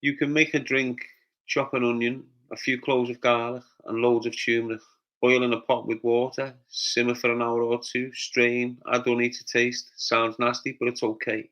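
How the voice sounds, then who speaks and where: A man's voice: mid-range voice, little pitch movement, moderate pace, fairly bright tone, dull audio. A middle-aged man with a Scouse accent, hosting a casual livestream and answering viewers' comments one by one. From Liverpool, England. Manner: chatty, reads out usernames and answers them.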